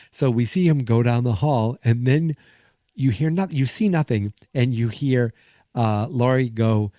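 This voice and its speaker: A man's voice: mid-range voice, animated, unhurried, darkish tone, dry recording, clean studio sound. A man hosting a podcast, casually recapping a sitcom episode in a rambling way, acting out bits of dialogue along the way. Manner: rambling, acts out quotes from the episode. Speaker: podcast host.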